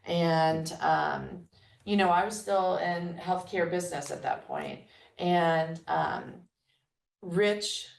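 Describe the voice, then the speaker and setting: Animated woman telling stories, roomy sound. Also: on the low side, vocal fry. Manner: animated storyteller, quotes others with laughs. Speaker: guest entrepreneur. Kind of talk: conversational storytelling. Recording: roomy sound, mic at a distance.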